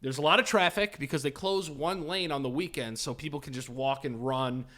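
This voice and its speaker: A podcast co-host from Florida tells a story in casual chat, swearing plenty and acting out the people in it with animated energy. His voice is fairly high and brisk.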